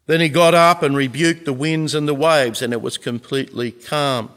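Pastor preaching in a reverberant hall. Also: male voice, medium pitch, a bit bright. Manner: earnest, with emphatic pauses and swells in volume. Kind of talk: sermon. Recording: long reverb of a large hall.

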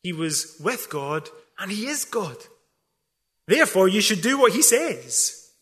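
A man's voice: sits high, big pitch swings, a little slow, fairly bright tone. A man preaching a sermon as pastor, emphatic and full of rhetorical questions, with wry asides. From not from England.

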